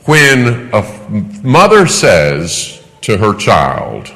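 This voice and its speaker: Low-voiced man preaching in an echoing hall. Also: very animated, slow, fairly bright tone. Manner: emphatic, repeats words for effect. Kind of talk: sermon.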